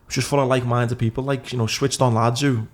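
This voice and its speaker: A man hosting a podcast, relaxed and swearing freely as he chats. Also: medium pitch, fast. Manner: relaxed and sweary, calls people "mate". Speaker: podcast host. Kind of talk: casual chat.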